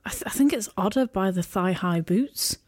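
A woman's voice: medium pitch, animated, moderate pace, darkish tone. A woman co-hosting a podcast, chatting casually while watching a film and asking dry, teasing questions. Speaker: podcast co-host.

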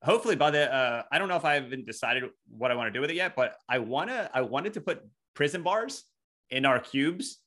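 A man's voice: mid-range voice, animated, fairly quick, fairly bright tone. A young man co-hosting a casual comedy podcast, playful and rambling, with lots of "like". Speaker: podcast co-host.

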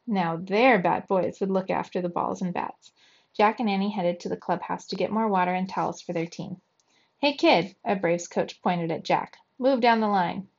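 A woman reading a children's chapter book aloud to young students, steady and clear, with lively shouts for the characters. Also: medium pitch. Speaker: storybook reader for young children. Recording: dull lo-fi recording.

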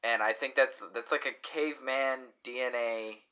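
A man with a Boston accent co-hosting a casual podcast, talking haltingly and leaning on the filler "like". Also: medium pitch, steady tone, sharp tone, clean tone. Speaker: podcast co-host.

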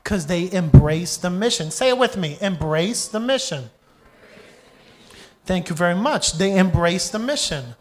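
A young adult man preaches as a pastor with a high-pitched voice, going a little slowly. He tells his sermon in a vivid storytelling way, acting out voices and asking the congregation questions.

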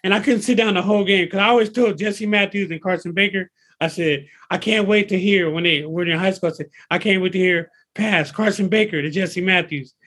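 Excitable high-voiced trainer man, husky. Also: a little fast. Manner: excitable, emphatic, repeats himself. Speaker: personal trainer. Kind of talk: casual interview talk.

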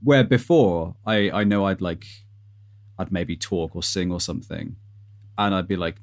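A man's voice: low voice, a little slow. A man co-hosting a podcast in casual chat, with a laid-back, easygoing manner. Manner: laid-back, uses "mate". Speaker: podcast co-host.

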